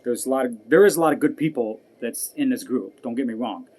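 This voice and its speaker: A man's voice: mid-range voice, brisk, darkish tone. A man vlogging an angry personal rant, profane and heated, repeating himself as he goes. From United States.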